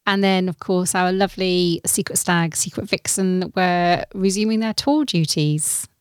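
A woman co-hosting a podcast, chatting casually with a teasing, quick wit. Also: lowish voice, smooth, no room sound, clean studio sound. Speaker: podcast co-host. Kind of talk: casual chat.

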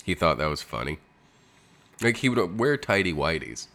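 Man, very deep voice, animated, casual podcast chat, jokey, swears freely. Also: moderate pace. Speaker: podcast co-host.

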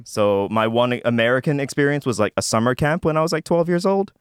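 A man in his thirties telling stories as a podcast guest, relaxed and laughing often. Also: mid-range voice, a little fast, clean tone, no room sound, studio quality. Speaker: podcast guest, stand-up comedian. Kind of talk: casual storytelling chat.

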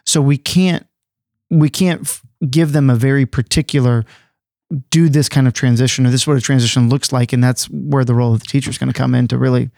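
A man's voice: mid-range voice, steady tone, brisk, vocal fry, a little mellow, no room sound, clean studio sound. A man on an education podcast panel, explaining teaching methods in a casual, explanatory way. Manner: explanatory, with fillers and restarts.

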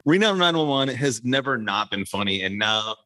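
A man's voice: medium pitch, expressive, normal speed, bright, forceful tone. A man hosting a podcast in loose casual chat, rambling, swearing freely and laughing a lot. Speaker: podcast host.

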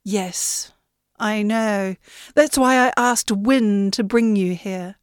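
A woman reading aloud, voicing the conscious mind of a great ship, an ancient female being who speaks slowly and gently. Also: medium pitch, clean tone, no echo, clean studio sound, lightly acted. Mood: serene. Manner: slow, calm and gentle.

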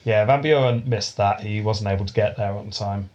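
A man hosting a casual history podcast, telling the story in a relaxed way with frequent chuckles. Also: fairly low pitch, normal speed. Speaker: podcast host. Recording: dull lo-fi sound.

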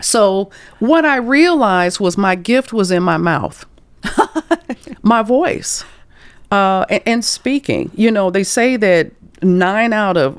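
A woman in her fifties from St. Louis, a career coach telling stories as a guest in an interview, expressive and acting out quoted voices with chuckles. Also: mid-range voice, dry recording. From St. Louis, USA. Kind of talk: storytelling interview talk.

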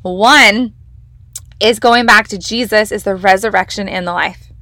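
A woman's voice: mid-range voice, measured pace, bright, forceful tone, no room sound, clean studio sound. A young woman hosting a devotional podcast, teaching from the Bible in a casual, enthusiastic, emphatic way. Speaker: podcast host leading a devotional.

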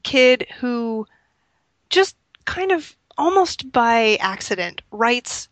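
A woman's voice: fairly high pitch, big pitch swings, slow, no room sound. A woman chatting casually and wryly about movies.

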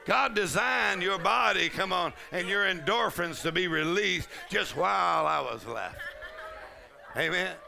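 Gravelly shouting preacher man. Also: high voice, animated, measured pace, a little hiss or hum. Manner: shouting, laughing loudly, Southern colloquial speech. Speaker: pastor. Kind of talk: charismatic preaching sermon. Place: large conference hall.

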